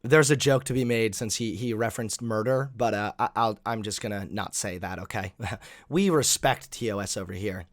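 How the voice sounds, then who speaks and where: A man's voice: on the low side, moderate pace, dry recording, clean studio sound. A man giving sarcastic, exasperated commentary while reacting to clips.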